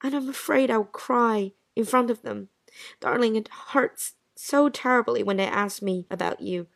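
A woman's voice: a little high, moderate pace, creaky, no room sound, studio quality. A woman playing Jean, a lovesick, anxious woman. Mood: sad. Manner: pleading, breathless and emotional. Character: anxious, lovesick young wife pleading with her absent man. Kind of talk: dialogue-story drama reading.

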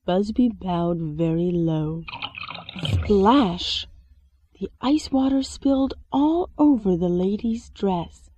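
A woman, an English teacher reading a storybook aloud with expressive sound words. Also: medium pitch, slow pace, hardly any pauses, slight background noise. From China. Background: soft music.

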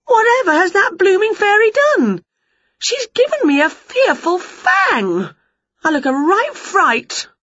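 A woman voicing an excitable adult female witch in a picture-book story, squealing and dramatic. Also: very high-pitched, unhurried, no room sound, muffled recording, pitched above the performer's own voice, exaggerated voice. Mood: alarmed.

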